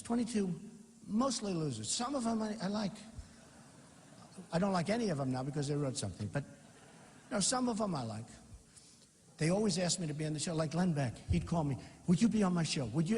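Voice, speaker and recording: Rambling man booming through a hall. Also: darkish tone. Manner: rambling, repetitive, boastful and mocking. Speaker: political candidate. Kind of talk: off-the-cuff campaign rally speech. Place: large rally venue with a crowd. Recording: long hall reverb.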